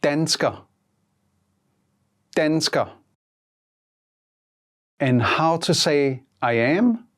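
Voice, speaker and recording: A teacher giving a scripted language lesson, prompting in a measured way and repeating each answer twice. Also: medium pitch.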